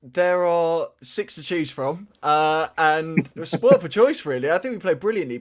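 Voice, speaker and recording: A man's voice: a little high, expressive, moderate pace, few pauses. A man chatting about football in a casual, easygoing, self-deprecating way. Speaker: football pundit. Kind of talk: casual chat.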